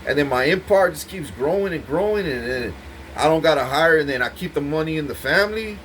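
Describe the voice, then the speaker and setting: A man's voice: on the high side, animated, a little fast, fairly bright tone, a little hiss or hum. A man giving an intense, profane, rambling monologue to the camera, repeating himself as he goes. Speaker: vlogger speaking to camera.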